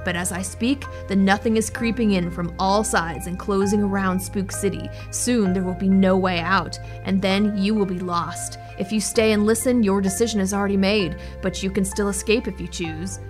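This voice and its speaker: A woman reading aloud as a cruel, menacing male werewolf, speaking slowly and tauntingly. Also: mid-range voice, fairly even intonation, music in the background, natural voice.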